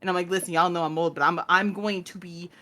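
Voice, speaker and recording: A woman's voice: on the low side, quick pace. A woman in her thirties, a podcast guest chatting casually and acting out the people in her stories. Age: 30s. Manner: animated storyteller, acts out quotes. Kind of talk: casual chat.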